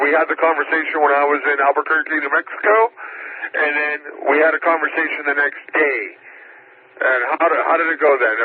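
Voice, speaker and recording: A man with a somewhat high voice argues on the air, profane and relentless, firing the same question again and again. The sound is thin and tinny like a radio transmission. A faint hiss sits beneath him. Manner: profane, insistent, interrogating. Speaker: amateur radio operator. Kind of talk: heated on-air argument.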